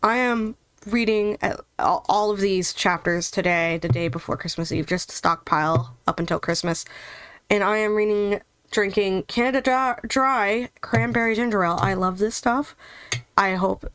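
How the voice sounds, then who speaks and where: A woman's voice: medium pitch, moderate pace, a bit bright, smooth, no echo, poor audio. A woman reading a children's novel aloud for her channel, chatty with little asides between passages. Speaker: storyteller, channel host.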